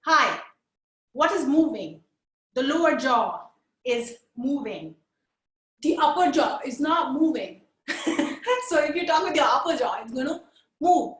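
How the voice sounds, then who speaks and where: A woman teaching puppet lip sync in a live webinar, energetic and coaxing, counting along with her viewers over a video call. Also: high-pitched, unhurried, pauses often, reverberant.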